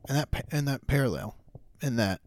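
A man's voice: mid-range voice, lively intonation, a little fast. A man hosting a casual solo podcast, talking loosely in slang and calling listeners bro. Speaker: podcast host.

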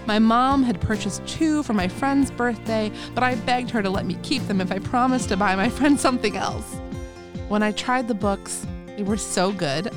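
A woman's voice: medium pitch, lightly acted. A woman reading as an earnest young girl fan. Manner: dramatic letter reading.

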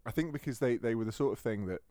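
A man's voice: medium pitch, quick pace, dark tone, no echo, studio quality. Enthusiastic, laughing man on a podcast. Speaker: co-host. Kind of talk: casual podcast chat.

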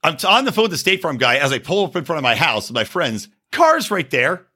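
A man's voice: fairly high pitch, big pitch swings, fast, pushed and bright, breathy edge. A middle-aged man telling a story in casual chat, swearing freely and acting out both sides of phone calls. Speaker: podcast co-host.

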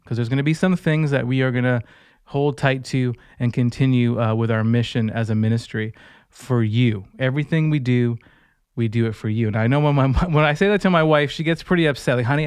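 A man's voice: medium pitch, smooth, dry recording. A man hosting a faith podcast in an upbeat, joking, chatty manner. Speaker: podcast host. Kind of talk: casual podcast chat.

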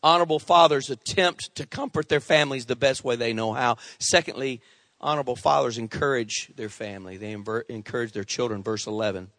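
A middle-aged male pastor preaching a sermon in an animated way, calling on the congregation for amens. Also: medium pitch, fairly quick, no room sound.

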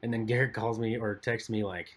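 Husky, low-voiced man rambling on a podcast. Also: fairly even intonation, fairly quick. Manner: rambling, laid-back storytelling, trails off quietly at phrase ends. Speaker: podcast co-host. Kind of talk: casual chat.

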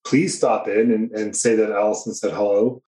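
A man's voice: on the low side, fairly even intonation, normal speed, mellow, echoey room, rough recording. A man with a New Hampshire accent, a guest photographer on a podcast, easygoing and hesitant with many ums. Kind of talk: casual podcast interview.

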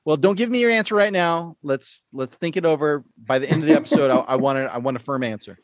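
A man hosting a casual podcast quiz, playful and quick to laugh. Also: on the high side, no room sound. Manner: playful, laughs often, lively delivery. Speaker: quiz show host.

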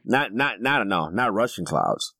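A man co-hosting a casual movie review podcast, his pitch leaping up and down as he gets excited. He laughs often and swears freely. The recording is close and dry, with no room sound. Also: unhurried, creaky, no echo. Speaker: podcast co-host.

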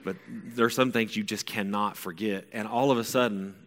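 A forceful, bright-toned man in his forties tells a long personal story to an audience. He rambles and corrects himself, then bursts into high excitement. A long reverb from a big hall trails his voice. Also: moderate pace. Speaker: speaker telling a personal story.

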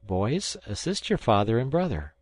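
A man reading aloud who voices a calm, practical, devout mother in a gentle way. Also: mid-range voice, normal speed, husky, no room sound. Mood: soothing.

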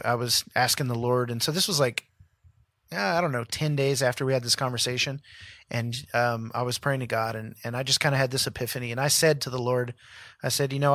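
Recorded in a clean studio with no echo, a medium-pitched man in his thirties, a pastor and podcast co-host, chats casually about a personal experience. He's a lively storyteller who performs the quotes himself.

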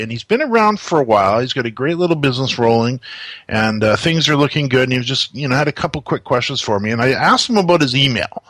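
A man's voice: mid-range voice, pushed and bright, no echo. A man hosting a radio show, upbeat and chatty with rambling asides. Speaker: host. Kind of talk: casual chat.

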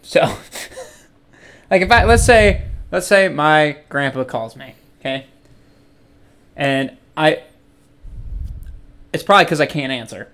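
A man's voice: fairly high pitch, slow, pauses often, fairly bright tone. A young man in casual podcast chat, rambling with many restarts and fillers.

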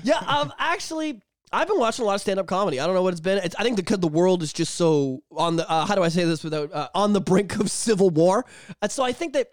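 A man's voice: fast talker, no echo, clean studio sound. A man hosting a podcast in casual chat, swearing freely and acting out quotes. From Canada. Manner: animated, swears a lot, acts out quotes in high voices. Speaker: podcast host.

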